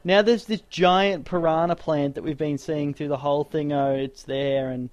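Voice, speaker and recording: A man's voice: fairly high pitch, steady tone, moderate pace, hardly any pauses, no room sound, muffled recording. A man giving casual, sarcastic let's-play commentary as he plays, ranting and exclaiming at the game. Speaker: gaming commentator and podcaster.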